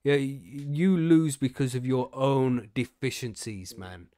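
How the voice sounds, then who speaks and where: A man's voice: mid-range voice, unhurried, mellow. A man hosting a podcast, chatting casually with loose, swearing banter and plenty of fillers. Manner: swearing, laid-back banter with frequent fillers. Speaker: podcast host. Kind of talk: casual chat.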